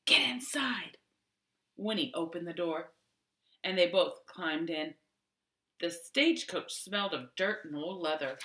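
A woman reading a children's novel aloud in a slow, careful storytelling manner. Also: on the low side, fairly bright tone, reverberant. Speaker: audiobook reader.

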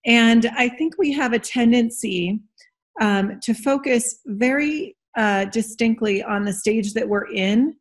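A woman consultant adding her thoughts in a webinar discussion over a video call, measured and reflective, with soft fillers. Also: a little high. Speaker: consultant, colleague of the speaker.

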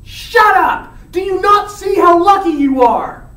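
A woman's voice: high voice, animated, measured pace. A woman voicing an exasperated older male friar who lectures and scolds with urgency. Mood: scolding. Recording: roomy, from far off.

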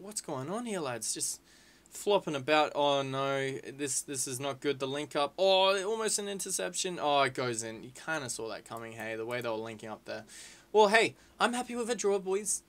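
A man giving casual, excitable gameplay commentary, swearing freely and calling his viewers lads and boys. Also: mid-range voice, moderate pace. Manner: excitable, swears a lot, shouts at big moments. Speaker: gaming video creator.

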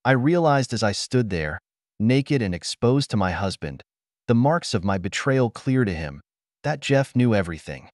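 A man's voice: mid-range voice, very animated, moderate pace, darkish tone, no echo, clean studio sound. A man narrating a scripted audiobook story in first person, telling it expressively.

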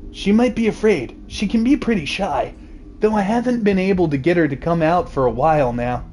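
A man voicing an earnest young male hero in a game, talking in a raised, bright delivery. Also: sits high, expressive, brisk, slight background noise.

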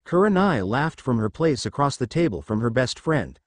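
Man, storybook narration, animated, dry. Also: medium pitch, normal speed, no room sound. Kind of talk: storybook reading.

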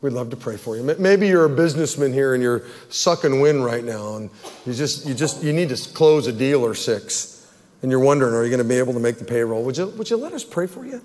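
A man's voice: mid-range voice, animated, brisk, darkish tone. Male pastor, mid-range voice, earnest pleading sermon, long church reverb. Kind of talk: sermon altar call and prayer. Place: church sanctuary.

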